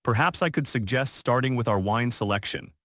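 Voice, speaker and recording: Brief: male narrator doing a poised young waitress, calm and polite, steady and patient, dry close recording. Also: medium pitch, a little fast, no echo, close to an everyday voice. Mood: polite, composed.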